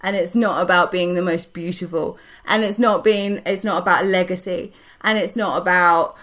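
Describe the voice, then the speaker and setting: A woman's voice: lowish voice, steady tone, normal speed, a bit bright. A young woman, a podcast co-host and wrestler, telling a candid story with heavy swearing and earnest, tumbling restarts.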